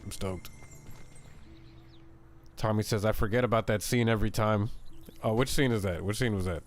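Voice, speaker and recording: A man streaming a video game, chatting excitedly and casually while reading chat messages aloud. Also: lowish voice, normal speed, slight background noise. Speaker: gaming streamer. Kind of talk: casual let's-play commentary. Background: game music.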